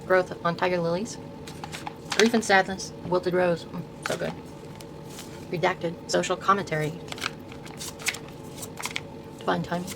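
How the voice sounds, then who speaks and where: An older woman with a lowish voice murmurs through a tarot deck walkthrough, reading card names one by one and stumbling over words as she restarts them. A steady hum of room ambience sits clearly behind her voice. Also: unhurried, long pauses. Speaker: host showing her tarot deck collection. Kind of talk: soft-spoken casual deck walkthrough.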